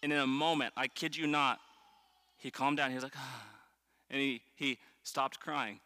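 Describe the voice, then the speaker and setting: A man's voice: medium pitch, fairly even intonation, a little slow, pushed and bright. A young man preaching a sermon as a pastor, earnest and emphatic, often restarting phrases as he tells stories. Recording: long reverb of a large hall.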